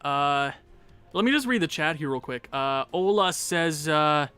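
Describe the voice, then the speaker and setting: A young man hosting a gaming livestream, rambling casually and chatting to viewers in quick asides. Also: on the high side, lively intonation, bright, forceful tone, smooth, faint music behind.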